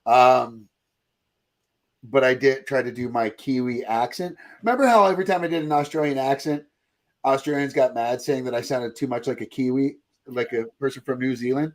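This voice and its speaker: A man's voice: medium pitch, steady tone. A man hosting a pop culture podcast, chatting casually with jokes and loose rambling. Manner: joking, rambling, quick to laugh. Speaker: podcast host. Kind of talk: casual chat.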